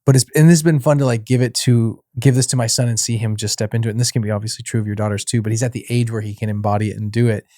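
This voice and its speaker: A middle-aged man co-hosting a casual faith podcast, telling a family story with lively acted-out dialogue and frequent laughs. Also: mid-range voice, very fast, few pauses, no room sound, clean studio sound. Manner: animated storyteller, acts out dialogue, laughs often. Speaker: podcast co-host.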